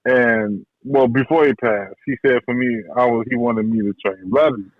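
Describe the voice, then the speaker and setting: A man who trains boxers tells stories about his mentor in a relaxed, slangy way, often repeating himself. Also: mid-range voice, moderate pace, no echo. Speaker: boxing trainer, guest. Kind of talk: casual interview talk. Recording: dull podcast audio, dry.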